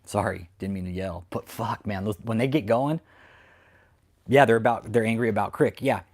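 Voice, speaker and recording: A man's voice: lowish voice, normal speed, darkish tone. Profane, angry American man ranting. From United States. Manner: profane, confrontational, repetitive. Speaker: host of a channel exposing cult leaders. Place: home, with dogs barking nearby.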